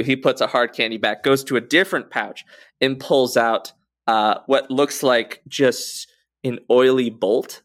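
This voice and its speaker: A man narrating a tabletop game as game master in a relaxed, hesitant way. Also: mid-range voice, a little slow.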